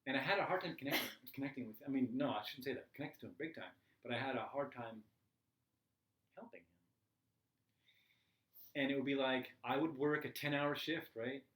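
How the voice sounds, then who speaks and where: A man teaching a live class, telling a personal story in a candid, animated way with frequent "right?" asides. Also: medium pitch, brisk, long pauses, roomy sound, low-quality recording. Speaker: meditation teacher.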